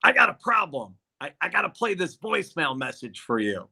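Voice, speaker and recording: A man doing a high, flustered voice for an exasperated older male talent agent while telling a story. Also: big pitch swings, fairly quick, creaky, bright, forceful tone, breathy edge, full character voice. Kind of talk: quoted impression within a story.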